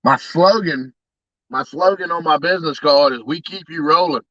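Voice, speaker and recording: A man's voice: fairly high pitch, moderate pace, bright, forceful tone, no room sound, lo-fi sound. A man, casually chatting to his live-stream audience, laughing often and talking straight to the chat. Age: 30s. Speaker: truck tire shop owner and YouTuber.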